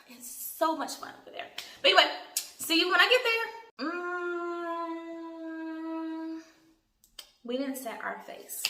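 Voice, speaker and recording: A woman's voice: on the high side, noisy background. A young woman vlogging in a casual, chatty way, talking straight to her viewers with lots of fillers. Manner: chatty, filler-heavy, addresses viewers directly. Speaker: beauty vlogger. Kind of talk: casual vlog chat. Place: parked car.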